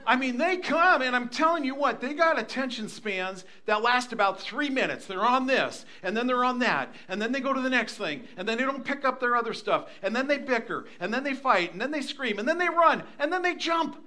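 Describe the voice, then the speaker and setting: A man's voice: very high-pitched, fairly quick, few pauses. An older man preaching a sermon, telling a family story with lots of energy and acting out the voices of the people in it. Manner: animated, acts out voices in anecdotes. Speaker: pastor.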